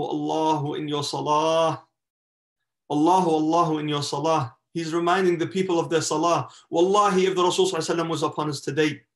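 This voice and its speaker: A man's voice: medium pitch, vocal fry. A man, a shaykh, giving a religious lesson as an impassioned story, with Arabic religious phrases mixed in and a rising, emphatic delivery. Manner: impassioned, swells in emphasis with oaths. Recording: echoey roomy sound.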